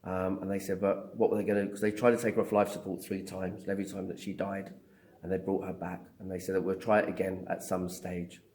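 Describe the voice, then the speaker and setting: Speaking quickly with a low-pitched voice, this middle-aged psychic medium recounts his story during an interview. He animates it by acting out the dialogue, peppering it with hesitant ums.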